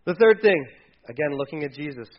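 A man's voice: fairly high pitch, expressive, fairly quick, highs cut off. A man preaching a sermon in a church, retelling a story in a casual way and putting on voices for the characters. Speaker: pastor.

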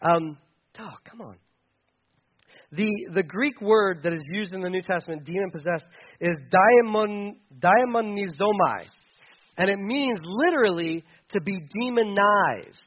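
A man preaching in a loose, conversational way, often stumbling and restarting as he explains. His voice sits fairly high for a man. The sound is dull and lo-fi. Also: expressive, moderate pace. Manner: casual, chatty, with many restarts and fillers. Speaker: pastor. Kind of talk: conversational sermon.

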